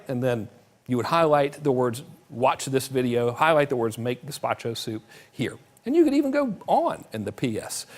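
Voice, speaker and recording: A middle-aged man walks viewers through a marketing lesson, talking straight to the camera like an instructor. His pitch moves around a lot as he stresses points and slips in jokes. He sounds relaxed and casual as he teaches. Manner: joking, lively, talks with emphasis.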